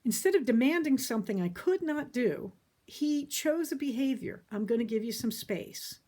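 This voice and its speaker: Lively, folksy woman therapist. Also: a little high, normal speed. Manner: folksy, emphatic, laughs easily. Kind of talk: casual talk about therapy.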